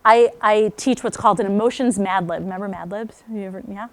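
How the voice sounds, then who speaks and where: A woman speaking to parents at a school talk, telling stories with lively acted-out quotes. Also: medium pitch, quick pace, hardly any pauses. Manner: animated storytelling, acts out quoted speech.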